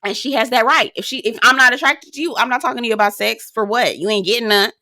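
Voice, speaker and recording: A woman in her thirties giving a sassy, animated recap of a reality show, with laughing asides and quoted lines. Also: a little high, quick pace, no room sound, clean studio sound. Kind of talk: casual recap commentary.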